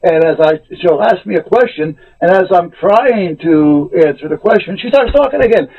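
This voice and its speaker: Guy ranting about a phone call, husky, sounds like a tinny phone line. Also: high voice, brisk, few pauses. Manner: animated, exasperated retelling of a phone call. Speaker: vlogger. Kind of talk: casual storytelling rant.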